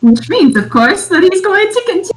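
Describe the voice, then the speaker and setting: Giggly woman player, lively high voice. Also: a little fast, low-quality recording. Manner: giggly, laughs between lines. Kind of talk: tabletop game chat.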